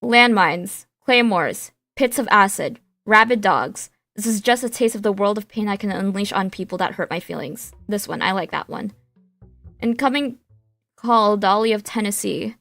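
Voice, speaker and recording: A woman's voice: medium pitch, normal speed, fairly bright tone, dry recording, faint music behind. A woman streaming a surreal game, reading its text aloud and chatting in a playful, rambling way. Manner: playful, rambling with fillers and restarts.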